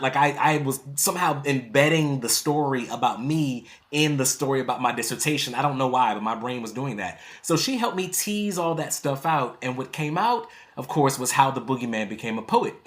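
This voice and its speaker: Animated man telling a story. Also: medium pitch. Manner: lively, acts out quotes, laughs often. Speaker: poet and author guest.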